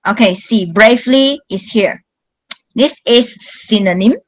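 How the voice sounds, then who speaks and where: Woman, primary school teacher, online lesson, slow and deliberate, fairly high voice, patient instructions. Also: low-quality recording. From Malaysia. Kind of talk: online class exam walkthrough.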